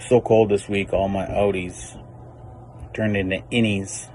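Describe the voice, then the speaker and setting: Very deep, slow deadpan man. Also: slight background noise. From Saskatchewan, Canada. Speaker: stand-up weather reporter. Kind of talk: deadpan joke weather report.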